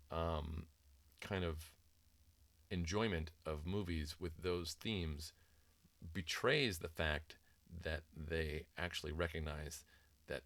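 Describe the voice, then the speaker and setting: Deep-voiced middle-aged dad, casual and rambling, lots of ums, dry close mic. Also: male voice, fairly bright tone, no echo. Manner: rambling, many ums and restarts, mimics sing-song voices in quotes. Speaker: author discussing his book on parenting. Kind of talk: casual reflective talk.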